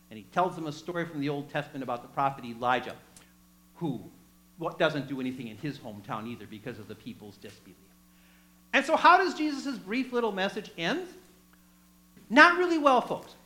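A preacher with a mid-range, pushed, bright voice retells a story in his sermon, captured on a low-quality recording. He tosses chatty asides to the congregation and acts out the voices of the characters.

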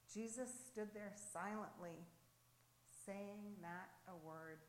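A woman's voice: mid-range voice, fairly bright tone. A woman telling a scripture story in an earnest, dramatic reading, then leading a prayer. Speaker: devotional reader leading prayer. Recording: roomy echo.

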